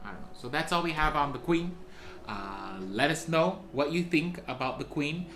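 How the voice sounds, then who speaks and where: A woman's voice: sits low, normal speed, soft background music. A woman co-hosting a podcast, chatting casually and trailing off as she hedges. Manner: lively, chatty, trails off with hedging. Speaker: podcast co-host. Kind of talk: casual chat. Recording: echoey room recording.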